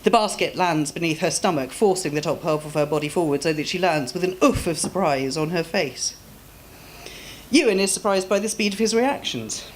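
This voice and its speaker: A woman author reading her own story aloud in a measured, expressive way at a live reading. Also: on the low side, slight background noise.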